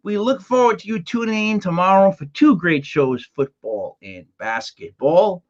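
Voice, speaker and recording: Man, high voice, sports podcast host, emphatic casual talk, muffled lo-fi sound. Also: animated, normal speed, few pauses. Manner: emphatic, conversational, repeats words when starting sentences.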